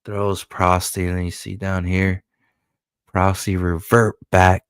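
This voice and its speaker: Deep-voiced man swearing through a comic. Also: slow pace, clean tone, no room sound, clean studio sound. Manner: profane, animated storytelling. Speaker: comic book creator. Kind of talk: casual comic-book walkthrough.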